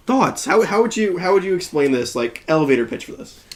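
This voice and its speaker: A man's voice: high voice, sing-song, fairly quick. A man hosting a casual comics podcast, talking in an enthusiastic, rambling way with many restarts. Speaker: podcast host. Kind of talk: casual chat.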